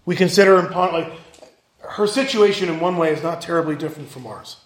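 A man's voice: a little high, brisk, echoey room. A male pastor giving a sermon, earnest and emphatic, asking his listeners questions.

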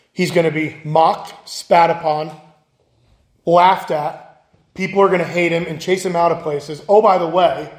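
A man's voice: sits high, echoey room. A male pastor giving a sermon, earnest and emphatic, asking his listeners questions.

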